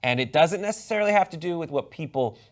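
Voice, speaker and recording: A man co-hosting a panel, discussing politics in a measured, reflective way. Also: a little high, lively intonation.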